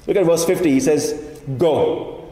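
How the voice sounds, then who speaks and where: A man preaching a sermon as pastor, animated, often voicing imagined speakers in his asides. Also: on the high side, normal speed, reverberant, long reverb tail, a little hiss or hum.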